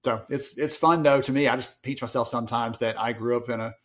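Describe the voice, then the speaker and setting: A man's voice: medium pitch, fast. Southern-accented man telling stories. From Alabama, US. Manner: animated storyteller, acts out quoted voices. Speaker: podcast guest, research analyst. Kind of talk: casual interview chat.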